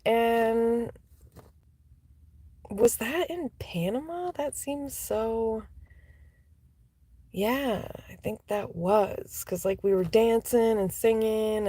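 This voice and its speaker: A woman spins casual storytime anecdotes in a chatty way, peppered with fillers, laughter and the odd curse. Her pitch swings widely while she takes her time, sometimes sinking to soft whispery asides. The sound is dry and close, with no room echo.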